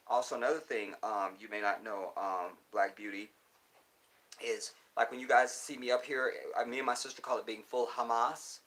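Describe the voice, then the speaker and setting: Man, Texas accent, bright edgy voice, casual phone livestream chat, reads comments, heated rants. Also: medium pitch. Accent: Texan. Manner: animated, swings into heated profane rants. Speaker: livestream host reading viewer comments.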